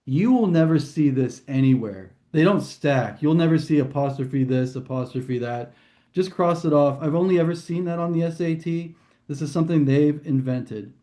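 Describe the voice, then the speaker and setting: A man's voice: a little high, mellow. A man teaching a casual test prep lesson, thinking aloud and correcting himself as he goes. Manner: chatty, thinks aloud, quick self-corrections. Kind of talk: informal classroom lesson.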